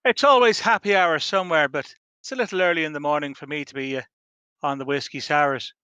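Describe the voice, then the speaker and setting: A man's voice: on the high side, fairly quick, pushed and bright, clean tone, dry recording, highs cut off. A man playing a tabletop game in character, folksy and playful in his banter. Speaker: player.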